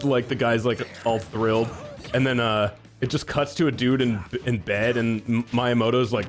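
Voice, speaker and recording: A man's voice: mid-range voice, steady tone, normal speed, faint music behind. A man streaming a fighting game, bantering casually with a friend, joking and swearing, slipping into mock-dramatic voices.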